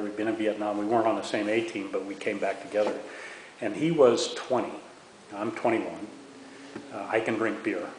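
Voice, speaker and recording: A man in his sixties, a veteran, recounting memories in an oral history interview, often stumbling and repeating words. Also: fairly low pitch. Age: 60s. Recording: echoey room with faint hiss.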